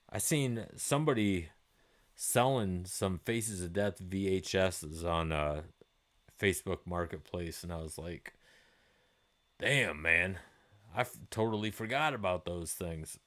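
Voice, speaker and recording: A low-voiced man in his forties hosts a gaming live stream, chatting with viewers in a rambling, laid-back way and swearing freely.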